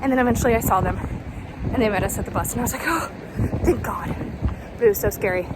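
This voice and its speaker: A woman's voice: medium pitch, racing. A young woman rambling casually as a travel vlogger while walking outdoors by a rocky shore. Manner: chatty and rambling, lots of fillers and asides. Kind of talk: casual vlog chat. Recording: outdoor recording with clear wave and wind noise.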